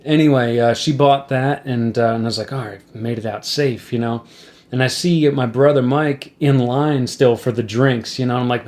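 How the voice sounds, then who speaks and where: A man's voice: medium pitch, moderate pace. Man telling a wry road story. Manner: wry anecdote-telling, animated when acting out quotes. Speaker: podcast host and musician. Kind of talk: casual storytelling to a guest.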